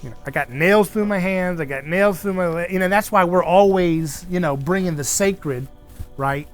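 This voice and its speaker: A man hosts a casual fireside discussion, his voice pitched a little high. He talks in an animated way, slipping into the voices of the people he quotes. Faint music plays in the background. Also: normal speed. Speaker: host. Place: around an outdoor fire.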